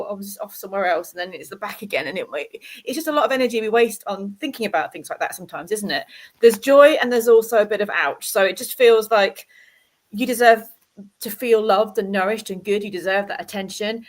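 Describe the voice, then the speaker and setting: A woman's voice: medium pitch, fairly quick. A woman from the UK giving a chatty, hesitant live tarot reading, acting out little quotes. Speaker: tarot reader.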